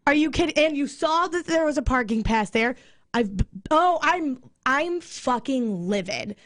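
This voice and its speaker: A woman radio co-host ranting and swearing in casual chat, fired up and talking fast. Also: high voice, expressive, fairly bright tone, dry recording, studio quality. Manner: angry venting, swearing, rapid rants.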